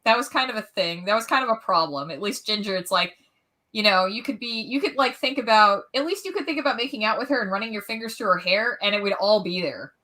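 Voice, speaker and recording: A woman's voice: mid-range voice, expressive, fast, pushed and bright. A woman co-hosting a podcast, chatting casually in a joking, sarcastic way. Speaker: podcast co-host. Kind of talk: casual chat.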